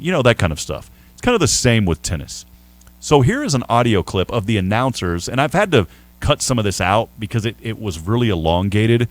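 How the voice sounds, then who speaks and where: Animated chatty male radio host. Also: fairly low pitch, a little fast. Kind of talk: casual sports radio talk. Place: radio studio.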